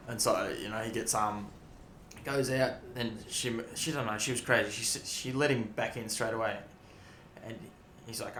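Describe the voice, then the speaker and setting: Speaking at normal speed in a mid-range voice, a young man on YouTube chats casually over his gameplay, wandering through stories and cursing without restraint. Loud game audio full of gunfire fills the echoey room, along with slight background noise.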